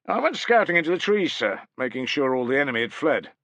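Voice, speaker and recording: A man's voice: medium pitch, sing-song, fast, a bit bright, dry recording, pitched above the performer's own voice. A man voicing a droll, dry-witted Roman soldier reporting to his officer, in an audiobook.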